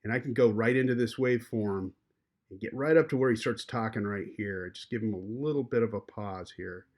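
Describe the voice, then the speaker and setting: Relaxed man talking through a software tutorial. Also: lowish voice, brisk. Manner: relaxed, with frequent fillers. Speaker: journalism instructor. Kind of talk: screen-recorded software tutorial.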